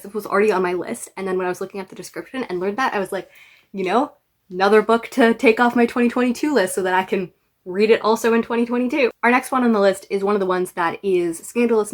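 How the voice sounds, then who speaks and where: A young woman chatting to camera about her reading list, chatty and wry, with playful asides and the odd whispered word. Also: medium pitch. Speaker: book vlogger. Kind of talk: casual book talk to camera.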